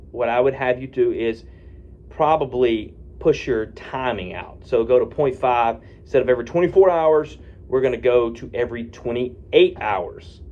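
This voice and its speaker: A physician talks casually to camera, giving addiction-medicine advice about tapering a medication in a folksy style and often asking "okay?" and "right?". His voice is medium-pitched, and the audio has its high frequencies cut off.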